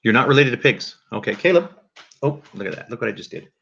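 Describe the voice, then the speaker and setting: A man giving casual spoken commentary to his audience in a halting, dry and joking way, with many restarts and fillers. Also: mid-range voice, lively intonation, vocal fry, fairly bright tone, husky, lo-fi sound. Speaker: video commentator.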